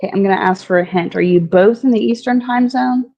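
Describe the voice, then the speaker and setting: A woman's voice: mid-range voice, fast talker, vocal fry, dark tone, dull audio. A woman from Alabama, a guest on a podcast, chatting casually and asking short, direct questions. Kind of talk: casual chat.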